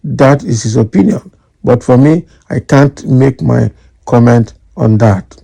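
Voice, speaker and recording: A Nigerian man reading out political news and then giving lively commentary, slipping into Nigerian Pidgin. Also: medium pitch, measured pace, vocal fry. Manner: animated, mixes in Nigerian Pidgin.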